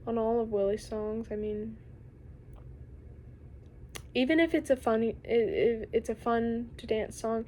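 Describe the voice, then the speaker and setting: A woman's voice: on the high side, unhurried, long pauses, dark tone. A young woman vlogging a rambling, confessional monologue, often trailing off and sometimes dropping into a whisper.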